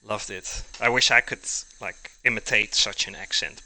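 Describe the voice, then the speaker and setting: A man's voice: fairly low pitch, fairly even intonation, moderate pace, bright, forceful tone. A man hosting a live cooking stream, chatting casually with his viewers, joking, laughing often and answering their messages while he cooks in his kitchen. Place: home kitchen.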